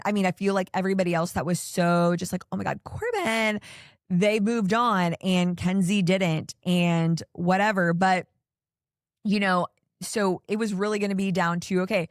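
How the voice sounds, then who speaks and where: Low-ish in pitch, she's recorded in studio quality without any room sound. On her podcast she recaps reality TV in a casual, rambling rant, exasperated and opinionated, leaning on "like" and "I don't know."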